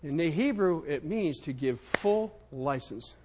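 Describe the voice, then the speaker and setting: A man's voice: fairly high pitch, lively intonation, unhurried, background noise. A man preaching a sermon in an emphatic, repetitive way, speaking to himself as much as his listeners. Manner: emphatic, repetitive, self-including.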